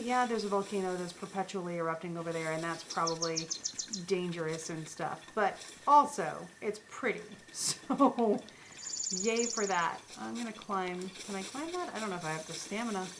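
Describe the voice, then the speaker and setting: Woman streamer, casual chatty gameplay talk, mid-pitched, noisy home recording. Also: expressive, normal speed. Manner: chatty, rambling, talks to viewers and game characters. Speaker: streamer playing a video game. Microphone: desk microphone. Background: household sounds, dog noises.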